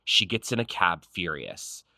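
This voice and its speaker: A man's voice: sits low, sing-song, vocal fry, bright, forceful tone, dry recording. A man narrating a reality show recap in a snarky, punchy scripted style. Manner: snarky, punchy, quick quips.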